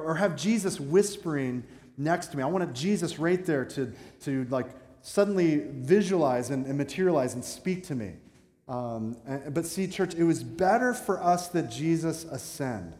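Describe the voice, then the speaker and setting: Conversational pastor in an echoey church. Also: male voice, a little high, darkish tone. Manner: conversational preaching with asides to the congregation. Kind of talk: sermon. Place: church sanctuary. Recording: echoey hall with long reverb.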